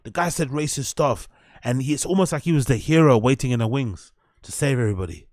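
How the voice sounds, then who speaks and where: A man's voice: medium pitch, quick pace, a little mellow, dry recording. Sarcastic British man in a dry room. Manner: sarcastic, swearing, mock-questioning. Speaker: host. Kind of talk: casual chat reacting to clips.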